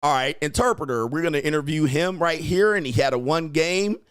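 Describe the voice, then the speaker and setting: A man's voice: on the high side, fairly quick, a bit bright, clean tone, no echo, studio quality. A man in his forties hosting a casual commentary monologue, riffing in crude slang and laughing often. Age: 40s. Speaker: host.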